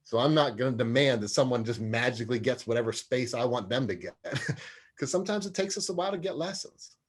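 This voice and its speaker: A man's voice: medium pitch, a little fast, slightly rough. Earnest man explaining anger management. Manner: earnest, animated, acts out quoted voices. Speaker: guest, anger management specialist and sports psychologist. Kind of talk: interview conversation.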